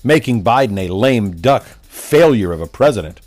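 A man's voice: lowish voice, expressive, moderate pace, a little mellow, soft background music. A man delivering a combative, mocking political opinion monologue as a commentator. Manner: mocking, combative, name-calling.

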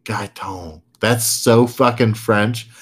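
A man's voice: medium pitch, animated, unhurried. A male podcast co-host who jokes, interrupts with questions and laughs a lot. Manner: playful, interrupting, laughs often. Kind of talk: casual podcast chat.

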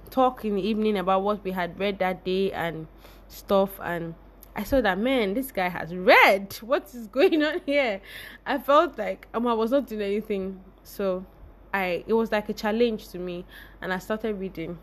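A young woman hosting a podcast, telling a personal story in a lively, expressive way and laughing often. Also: mid-range voice, unhurried. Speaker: podcast host.

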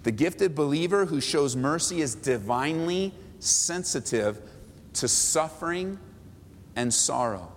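A man's voice: fairly high pitch, long reverb tail. A man pastor teaching a Bible study sermon in a church sanctuary, earnest, repeating phrases and stretching out key words.

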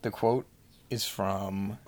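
A young man chatting on a video call, easygoing and quick to apologize, playing a movie-quote guessing game with a friend. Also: lowish voice, fairly even intonation, darkish tone. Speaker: game player. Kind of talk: casual chat.

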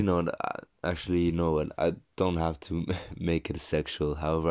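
A man's voice: deep voice, creaky, a little mellow, muffled recording. A young man talking through a casual solo podcast, rambling and coaching himself, with many fillers and restarts.

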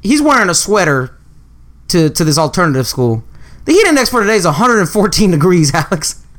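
A young man from the Houston area co-hosts a loose, casual chat and tells a story. He swears freely and acts out his own lines with a somewhat high voice that leaps up when he quotes himself yelling. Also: fairly quick, slight background noise. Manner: profane, animated storyteller, acts out quotes loudly. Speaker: podcast co-host.

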